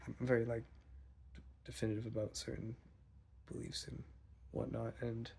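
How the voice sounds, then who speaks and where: A young man vlogging, telling a rambling, profane story in a casual, animated way. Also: medium pitch, moderate pace, vocal fry, a little hiss or hum.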